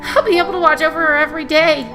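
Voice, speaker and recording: A woman doing a high, eager young woman. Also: steady tone, rapid-fire, sharp tone, soft background music. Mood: hopeful. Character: hopeful young woman dreaming of a home.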